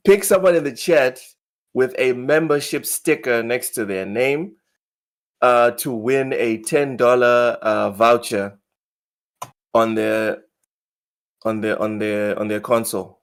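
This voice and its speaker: Male podcast host, mid pitch, easygoing banter, desk mic on a call. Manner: laughing, teasing banter. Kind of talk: casual gaming chat.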